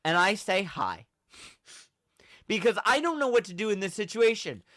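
A young man hosting a podcast, telling a story in a casual, animated way and acting out the quotes. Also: high-pitched, fast, no room sound, studio quality. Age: young adult. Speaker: podcast host.

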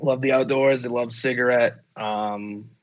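A man's voice: mid-range voice, steady tone, unhurried, highs cut off. A man telling a rambling, profane story in casual chat, full of fillers and restarts. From United States.

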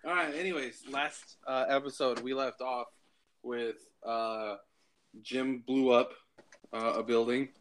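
A man's voice: mid-range voice, steady tone, a little slow, slight background noise. A man hosting a tabletop game podcast in casual banter with friends, laughing often and hesitating with many ums. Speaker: podcast host and player.

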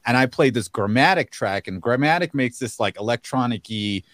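A man's voice: mid-range voice, moderate pace, no room sound. Dj guy telling a funny story, voice jumps all over, dry close sound. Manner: animated storyteller, acts out quotes, laughs often. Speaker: DJ and podcast co-host. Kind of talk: casual chat, storytelling.

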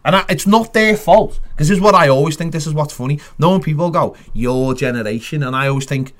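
A man's voice: on the high side, fast, a bit bright. A man co-hosting a football podcast in casual chat, emphatic and rambling, acting out quotes as he goes. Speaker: podcast co-host.

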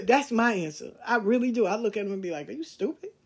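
A woman's voice: medium pitch, lively intonation, brisk, breathy edge. A middle-aged woman hosting a podcast, talking straight to her listeners in a blunt, emphatic, lecturing way, swearing freely. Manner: preachy, lecturing tone. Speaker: podcast host. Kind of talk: candid monologue to listeners.

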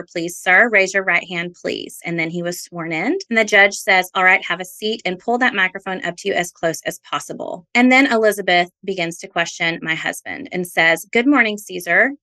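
A woman hosting a podcast about her own court case, reading trial testimony and social media posts aloud in a measured, even way. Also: fairly low pitch.

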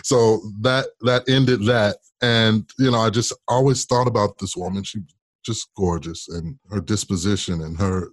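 A man from Kansas, a state senator, telling a personal story as an interview guest in an animated way, often repeating words as he goes. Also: fairly low pitch, dry recording. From Kansas, United States.

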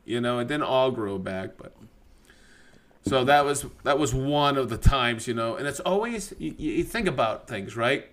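On a podcast, a man tells a story about a woodworking near-miss, lively and profane, laughing as he goes. His voice is mid-range and his pace moderate.

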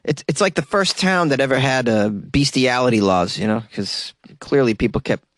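A man's voice: medium pitch, lively intonation, normal speed, dry recording. A man hosting a comedic news show, reading odd stories with sarcastic asides and laughter.

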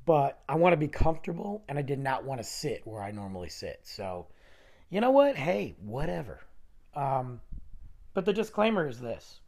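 A man hosting a solo podcast, talking in a rambling, animated way while losing his voice, which sounds nasal. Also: medium pitch, normal speed. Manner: rambling, animated, restarting sentences. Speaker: podcast host. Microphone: close studio microphone.

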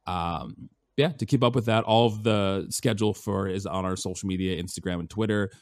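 A man's voice: low voice, brisk, no room sound, studio quality. A man co-hosting a casual podcast, chatty and upbeat as he sets up the next episode. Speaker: podcast co-host.

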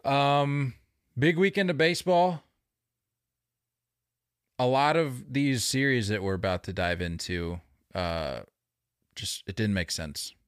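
A man co-hosting a sports podcast, chatting casually with animated, opinionated banter. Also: medium pitch, slow, long pauses, smooth, no room sound, studio quality. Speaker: podcast co-host. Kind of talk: casual chat.

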